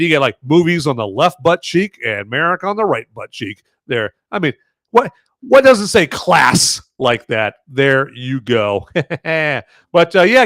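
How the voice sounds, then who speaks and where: A man's voice: fairly high pitch, fairly bright tone, no room sound. A man hosting a casual live movie review podcast, rambling with lots of filler words. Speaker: podcast host.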